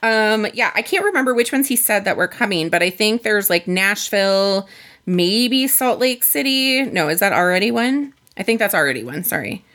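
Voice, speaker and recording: A woman's voice: mid-range voice, expressive, normal speed, fairly bright tone. A woman co-hosting a podcast, recapping a show in casual chat, candid and swearing freely. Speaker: podcast co-host.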